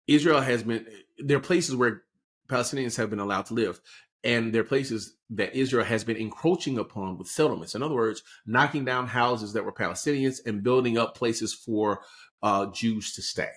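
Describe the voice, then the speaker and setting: A man's voice: mid-range voice, moderate pace. A man co-hosting a podcast, talking through current events in a casual explanatory way and often checking in with "right?". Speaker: podcast co-host. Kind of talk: casual political chat.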